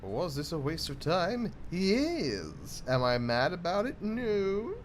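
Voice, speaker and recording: Speaking slowly in a high-pitched, very animated voice, a Northern English gameplay streamer reads game text aloud and pokes fun at himself in casual let's-play commentary. Faint game music and slight background noise sit behind him.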